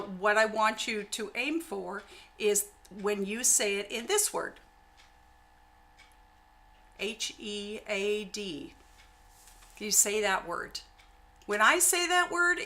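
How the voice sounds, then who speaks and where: A middle-aged woman teaching a singing lesson at an unhurried pace. Her voice is bright and clear, and she speaks with warm encouragement. She stretches out each vowel she demonstrates. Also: medium pitch.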